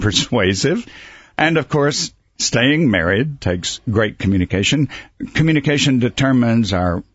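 A man, a communication coach, giving measured answers as a talk show guest. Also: lowish voice, husky, no room sound, highs cut off. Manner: measured, quotes sayings, chuckles. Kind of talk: radio interview guest.

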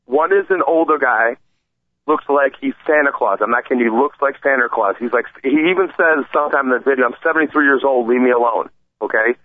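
A man co-hosting a sports talk radio show, telling stories in a heated, animated way. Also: medium pitch, fast talker, no room sound. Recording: tinny phone-line sound, dry.

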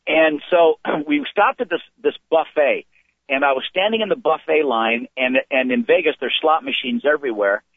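Older male comic guest, rambling storyteller, slightly high voice, on a tinny phone line. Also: normal speed, dry recording. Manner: rambling, animated storytelling with restarts. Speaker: comedian guest. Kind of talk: anecdotal storytelling. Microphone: phone call.

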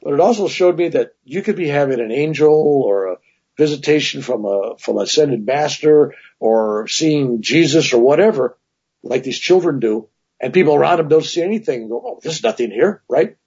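Husky man telling rambling stories. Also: on the high side, normal speed, lo-fi sound. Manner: rambling, animated anecdotes with many "right?" asides. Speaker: guest. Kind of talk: casual storytelling interview.

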